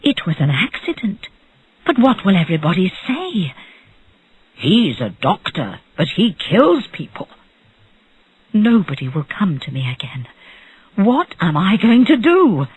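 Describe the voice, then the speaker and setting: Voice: medium pitch, big pitch swings, a little slow, pauses often, husky, heavily acted. Narrator voicing a worried scheming doctor. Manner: anxious, scheming.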